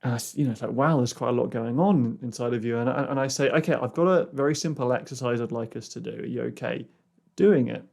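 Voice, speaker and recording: A man talks through a personal growth podcast episode at a middle pitch, telling a client story in a loose, conversational way. He restarts often and fills gaps with "you know" and "like". When he quotes the exercise, he drops to a soft, low voice. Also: fast, creaky. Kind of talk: solo podcast monologue.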